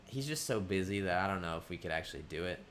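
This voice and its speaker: A man from the Boston area hosting a casual livestream, relaxed, with many fillers, reading viewer questions aloud and answering them. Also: low voice, fast, slight background noise. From Boston area, United States. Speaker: livestream host.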